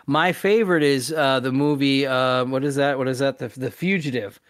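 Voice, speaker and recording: A man's voice: mid-range voice, fairly even intonation, moderate pace, smooth. A man co-hosting a podcast in casual chat, reading out fun facts and laughing often. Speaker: podcast co-host.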